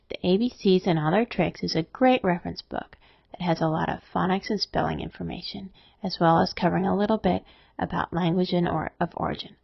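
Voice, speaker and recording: A woman narrating a scripted spelling lesson, explaining rules in a steady, methodical way. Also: fairly low pitch, gravelly, breathy edge, dry recording. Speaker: spelling teacher. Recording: dry, dull lo-fi voice-over.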